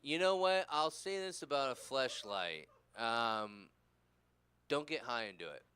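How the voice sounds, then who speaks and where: A man's voice: medium pitch, animated, a little slow, bright, forceful tone, clear, resonant tone. A tired, tipsy man from California doing a rambling, crude, self-deprecating stand-up set. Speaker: stand-up comedian.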